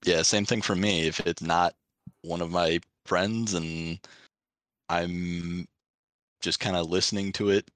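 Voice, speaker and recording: A deep-voiced man at a tabletop game table, chatting casually and relaxed. The sound is dry and close. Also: takes it slowly, dry recording. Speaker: player.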